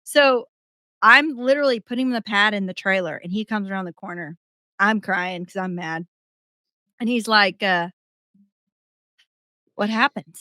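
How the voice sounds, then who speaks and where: A young adult woman, a podcast guest, telling a story in animated casual chat and laughing as she goes. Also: mid-range voice, normal speed, no room sound.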